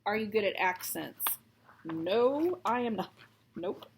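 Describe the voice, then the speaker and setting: A woman in her thirties, raised in Texas, talks in a slow, easygoing way. Her chat is casual and self-deprecating, with plenty of small asides while she works on her stitching. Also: medium pitch, expressive, a little hiss or hum. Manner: chatty, rambling, self-deprecating. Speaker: stitching vlogger.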